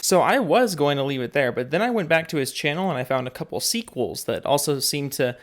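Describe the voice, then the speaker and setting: A man's voice: a little high, expressive, a little fast. A man hosting a reaction video, talking in an exasperated, sarcastic, incredulous way.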